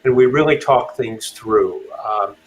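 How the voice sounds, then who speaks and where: A man talking as an author guest in a casual interview, thoughtful and halting, with frequent fillers and restarts. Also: mid-range voice, low-quality recording.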